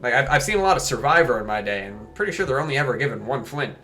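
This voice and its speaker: A man commenting on a game he is playing, joking and swearing as he reads the text aloud. His voice is bright and very lively, with lots of rise and fall. Soft game music plays in the background. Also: medium pitch, racing. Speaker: gaming video host. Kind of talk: casual let's play commentary.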